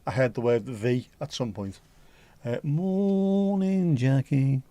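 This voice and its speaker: A man's voice: mid-range voice, steady tone, normal speed, mellow, no echo. A man with a mild Scouse accent hosting a casual livestream chat, joking and rambling cheekily. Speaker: livestream host.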